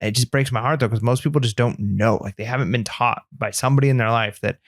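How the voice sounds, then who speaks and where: A man's voice: mid-range voice, fast talker, no room sound, clean studio sound. A man co-hosting a podcast in casual chat, talking earnestly and rambling with lots of "like" fillers. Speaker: podcast co-host.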